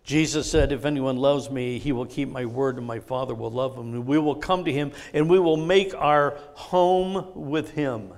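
A man's voice: mid-range voice, normal speed, hardly any pauses, a little mellow. A middle-aged man preaching a sermon, telling a personal story and reading scripture in an earnest way. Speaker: pastor.

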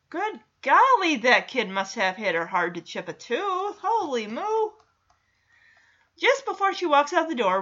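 Bright lively woman recapping a show. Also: on the high side, highs cut off. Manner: sarcastic asides, laughs often. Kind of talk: casual episode recap with commentary.

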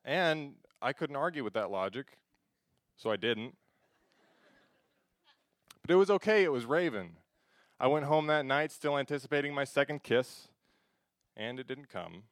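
A teenage boy from Alaska performing a self-mocking spoken word piece, swinging between hushed lines and loud bursts. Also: medium pitch, lively intonation, moderate pace, long pauses, no echo, clean studio sound.

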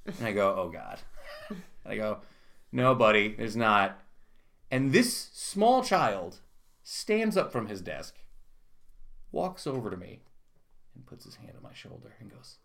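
A man's voice: mid-range voice, huge pitch swings, unhurried, creaky, pauses often. A young man co-hosting a casual podcast, telling self-mocking stories and laughing as he goes. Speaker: podcast co-host. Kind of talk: casual chat.

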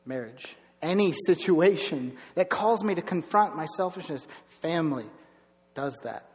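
A middle-aged man preaching a sermon as pastor, telling stories with lively bursts of emphasis. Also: on the high side, moderate pace, big-room sound. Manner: storytelling, animated with bursts of emphasis. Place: church sanctuary.

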